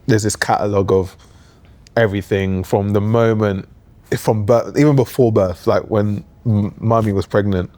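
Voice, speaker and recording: A man's voice: fairly low pitch, normal speed. A young man chatting casually as a podcast co-host, rambling through stories with lots of fillers. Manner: relaxed, rambling, filler-heavy storytelling. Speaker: podcast co-host, new father. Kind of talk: casual chat.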